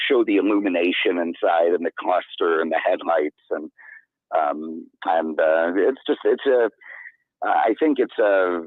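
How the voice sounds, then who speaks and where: A man talking as a guest in casual chat, rambling and halting in a self-deprecating way. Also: sits low, no echo. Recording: tinny, dry phone-like line.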